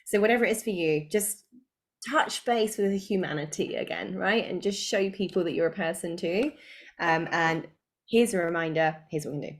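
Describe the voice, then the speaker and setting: A woman's voice: fairly low pitch, moderate pace. A woman running a live business training webinar from a home spare room, talking in a chatty, informal way and laughing often. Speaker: online business coach.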